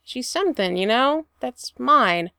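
A woman reading the lines of a plain-spoken, quiet and lonely soldier. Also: a little high, animated, a little slow, vocal fry, clean tone, no room sound, studio quality, heavily acted.

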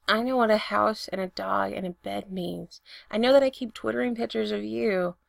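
A woman's voice: medium pitch, moderate pace, vocal fry, no room sound, clean studio sound. A woman voicing an insistent, bewildered young man who pleads with urgency. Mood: earnest pleading.

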